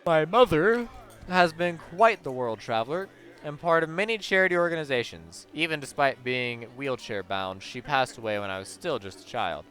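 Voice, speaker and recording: A man's voice: a little high, expressive, moderate pace, a bit bright. A man voicing a pompous, self-satisfied factory owner in his sixties who hosts a gala, speaking in formal, flowery phrases. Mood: reminiscing. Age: 60s. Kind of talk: reading game dialogue aloud.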